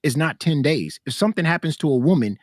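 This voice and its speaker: A man's voice: on the high side, expressive, quick pace, dry recording, studio quality. A man arguing hard in a casual debate, confrontational, repeating himself to cut others off.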